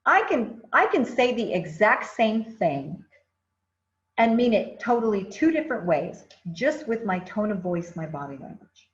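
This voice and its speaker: A woman's voice: mid-range voice, very animated, a little slow. Female trainer for a workplace customer service session, chatty delivery with fillers, roomy and slightly dull sound. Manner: conversational, repeats phrases, frequent fillers.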